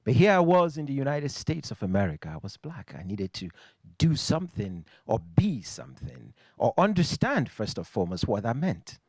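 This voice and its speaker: Nigerian man telling a lively story. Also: mid-range voice, breathy edge, no room sound. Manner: reflective and wry, with dramatic pauses and refrains. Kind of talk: personal story told to a live audience. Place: stage before a live audience.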